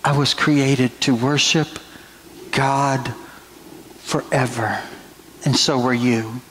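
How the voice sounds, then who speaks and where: A middle-aged male pastor delivers a sermon at a slow, unhurried pace, leaning on long, drawn-out phrases. His voice sits at an ordinary middle pitch, and faint room noise runs beneath it. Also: fairly even intonation, a bit bright, poor audio. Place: church sanctuary.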